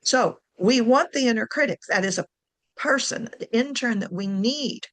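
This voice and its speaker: A woman's voice: on the high side, normal speed, a bit bright. A woman giving a casual talk on writing to camera, chatty, correcting herself and laughing often. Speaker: writing coach.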